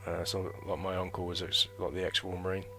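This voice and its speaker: A man's voice: low-pitched, little pitch movement, brisk, vocal fry, bright, forceful tone, faint music behind. A man in his thirties telling a chatty, rambling story about his military training in a casual vlog. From United Kingdom. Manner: rambling and chatty, full of fillers and slang. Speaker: former recruit recounting training.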